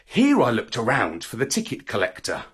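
A man reading a children's story aloud in the first person, with an expressive, swooping storybook delivery. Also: mid-range voice, normal speed, slightly rough.

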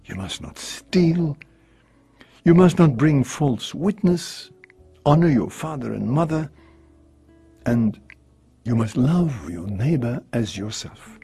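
A man reading the words of a calm male teacher giving moral counsel, in a measured, solemn way. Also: mid-range voice, vocal fry, breathy edge, soft background music, exaggerated voice. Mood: gentle, earnest.

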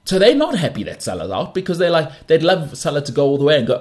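A man hosting a sports talk show, giving emphatic, repetitive opinions in animated bursts. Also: on the high side, fast. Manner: emphatic, repeats himself, animated rants. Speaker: podcast host.

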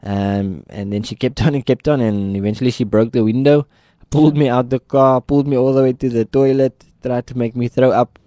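A man's voice: mid-range voice, fairly even intonation, a little fast, few pauses, warm tone, dry recording, clean studio sound. A South African man earnestly telling his own life story in an interview, acting out the people he quotes. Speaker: guest sharing his testimony. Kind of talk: personal testimony in an interview.

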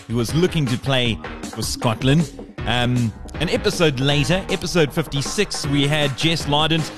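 A man hosting a podcast interview, speaking with many hesitations and careful questions. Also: fairly high pitch. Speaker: podcast host.

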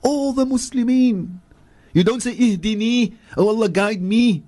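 A man with a South African accent giving religious teaching on radio, reciting verses slowly and then explaining them with emphatic repetition from a studio. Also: sits high, warm tone. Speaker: Islamic scholar and regular radio guest.

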